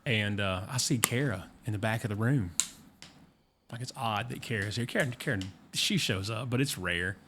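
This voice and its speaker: A man's voice: fairly low pitch, normal speed, fairly bright tone, a little hiss or hum. A man hosting a podcast, chatting casually, telling anecdotes and laughing along with his guest. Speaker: podcast host. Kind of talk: casual chat.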